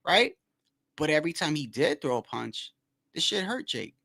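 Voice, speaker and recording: A man hosting his own boxing channel, talking in a loose, animated rant that stumbles, repeats itself and swears. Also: fairly high pitch, moderate pace, creaky. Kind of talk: casual commentary.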